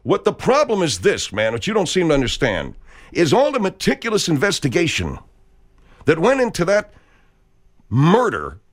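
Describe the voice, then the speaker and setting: A man delivering an angry, profane rant full of sarcastic jabs and constant swearing. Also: fairly high pitch.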